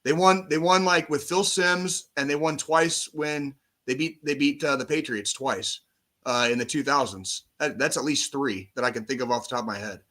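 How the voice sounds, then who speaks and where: Bright-voiced man ranting, swears a lot. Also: a little high, normal speed. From United States. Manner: profane, animated sports ranting. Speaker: podcast co-host. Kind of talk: casual chat.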